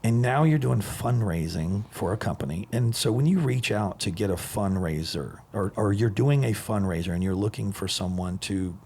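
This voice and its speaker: A man hosting a podcast, talking in a casual, energetic and upbeat way in a podcast room. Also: lowish voice, normal speed, vocal fry, hardly any pauses, slight background noise. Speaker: podcast host.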